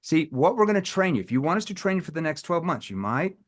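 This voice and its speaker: Male sales coach, lively and theatrical, voices prospects mid-session. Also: a little high, quick pace. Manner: animated, acts out phone calls with playful tones. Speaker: sales trainer. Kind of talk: live sales training session.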